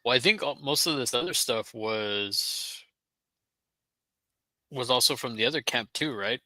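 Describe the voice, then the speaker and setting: A man chatting along during a watch-party stream, relaxed and hesitant with frequent restarts. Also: mid-range voice, a little slow, no echo. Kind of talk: casual live-stream commentary.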